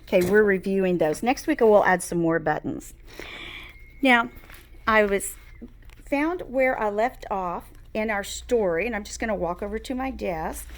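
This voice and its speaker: A woman teacher running an online class and reading a story aloud, gentle and explanatory. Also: medium pitch, expressive, unhurried.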